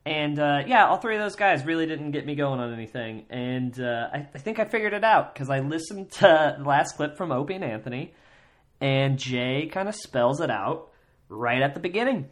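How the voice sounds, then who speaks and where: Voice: mid-range voice, expressive, moderate pace. Rambling, casual solo podcast host. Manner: casual and rambling, many fillers and restarts; breaks into loud mocking voices when quoting others. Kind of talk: solo comedy podcast commentary.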